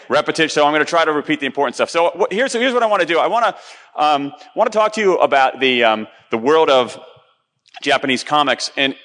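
A man's voice: mid-range voice, a bit bright, big-room sound. A middle-aged man giving a chatty, self-deprecating live conference talk, with many ums and restarts. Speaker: conference speaker.

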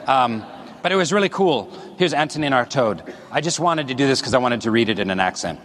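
A fairly quick-talking man with a mid-range, slightly bright voice and lively intonation addresses an audience from a large hall's stage. Wearing a body mic, he rambles, pokes fun at himself, and jokes with the crowd, while the hall's long reverb fills the recording.

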